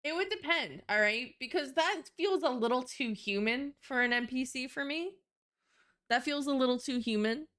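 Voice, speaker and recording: A woman's voice: high voice, expressive, moderate pace, fairly bright tone. A young woman streamer in casual live-stream chat, rambling with lots of fillers and casual swearing.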